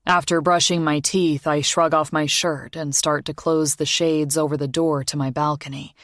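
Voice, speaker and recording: A woman narrating a romance audiobook in a measured, intimate first-person reading. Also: deep voice, flat delivery, dry recording, studio quality. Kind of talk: scripted narration.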